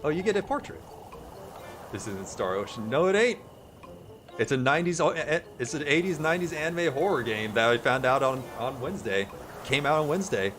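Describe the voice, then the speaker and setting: A man's voice: medium pitch, animated, a little fast, fairly bright tone, slight background noise. A man chatting casually with his viewers while streaming a horror game. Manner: chatty, greets chat, laughs easily. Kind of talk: casual livestream gameplay commentary. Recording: stream audio with game music.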